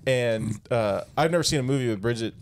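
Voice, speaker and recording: A man hosting a casual podcast, telling stories in a lively, chatty way and acting out what people said. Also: medium pitch, brisk. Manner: animated storyteller, acts out quotes. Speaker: podcast host. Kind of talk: casual chat.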